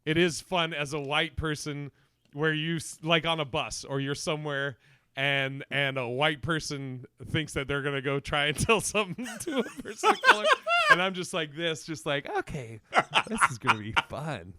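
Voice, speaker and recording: Bright, animated young man, laughing. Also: fairly high pitch, normal speed, clean tone, no room sound. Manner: animated, laughs often, acts out quoted voices. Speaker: podcast host. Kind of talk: casual comedic chat.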